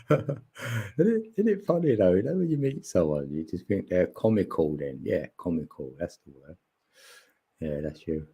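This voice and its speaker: A man hosts a live stream in loose, slangy chat, laughing easily. His low voice is gravelly and husky, and he takes his time. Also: dark tone. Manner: laid-back, laughs often, chatty slang. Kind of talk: casual chat. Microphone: phone.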